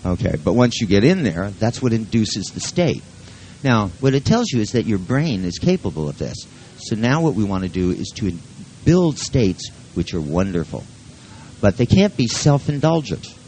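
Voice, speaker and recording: A man's voice: lowish voice, very animated, normal speed, a little mellow, slight background noise, rough recording. A man leading a live workshop who talks in a rambling, joking and profane way. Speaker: seminar leader.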